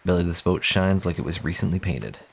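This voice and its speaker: A man's voice: low-pitched, expressive, fast, vocal fry, breathy edge. A young man livestreaming a game, reading its text aloud with playful, profane asides. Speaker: streamer. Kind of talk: casual gaming commentary.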